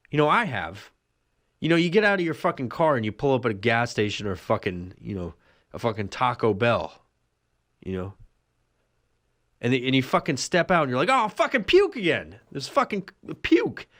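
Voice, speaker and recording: A man hosting a rambling solo podcast, swearing constantly and ranting crudely, his voice jumping up during rhetorical questions. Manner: profane, crude and animated, heavy swearing; jumps up in pitch when ranting rhetorical questions. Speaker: podcast host.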